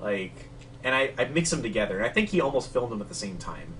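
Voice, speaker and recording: A man's voice: medium pitch, expressive, fast, a crowd in the background. A man co-hosting a casual chat, rambling with many fillers. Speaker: podcast co-host. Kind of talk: casual chat between matches. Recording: distant mic with faint ambience.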